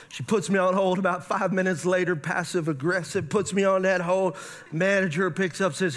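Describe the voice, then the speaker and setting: A man preaching a sermon as a pastor, animated and asking his congregation questions as he goes. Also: high-pitched, a little fast.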